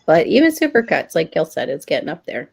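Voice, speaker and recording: Chatty gravelly woman. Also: low voice, wildly swooping pitch, fairly quick, a little mellow. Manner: chatty, laughs often, rambling asides. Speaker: livestream co-host. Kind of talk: casual chat.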